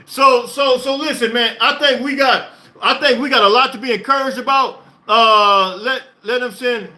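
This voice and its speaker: An excited man hosting a sports reaction stream, talking emphatically, repeating himself and laughing often. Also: extremely high pitch, moderate pace. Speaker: podcast host. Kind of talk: live-stream sports reaction, reading chat.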